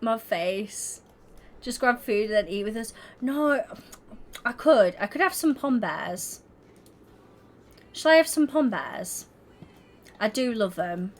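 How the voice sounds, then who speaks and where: A young woman chats with her stream audience while she plays. Her voice sits a little high and swings up and down a lot, and she takes her time. She giggles often and keeps talking to her viewers. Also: lively intonation, takes it slowly, pauses often. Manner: giggly and chatty, talks to viewers. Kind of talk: casual livestream chat while gaming.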